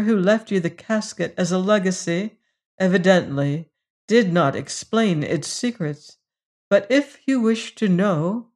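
Reader voicing a shrewd, sharp-tongued woman, crisp and contemptuous, audiobook reading. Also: lowish voice. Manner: crisp, scornful and firm.

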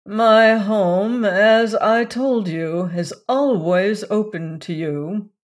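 Narrator as a stony older mother, cold and slow. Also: mid-range voice, animated, slightly rough, heavily acted.

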